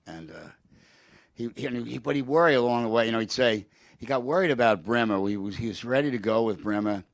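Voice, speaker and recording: Older man, gravelly voice, dry close sound, rambling storyteller, low-pitched. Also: animated, brisk, dry recording. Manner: rambling anecdotes with restarts, quoting a president. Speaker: guest. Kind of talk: storytelling in a public conversation.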